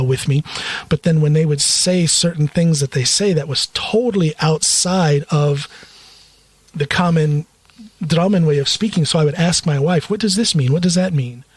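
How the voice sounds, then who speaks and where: A man's voice: on the high side, no room sound. An American man hosting a podcast, telling stories in casual conversation and laughing often. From United States. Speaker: podcast host.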